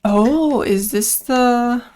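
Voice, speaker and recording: Slow-talking playful woman streamer. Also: fairly high pitch, a little mellow. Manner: playful, sings silly rhymes to herself. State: sneezy. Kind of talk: casual gameplay commentary.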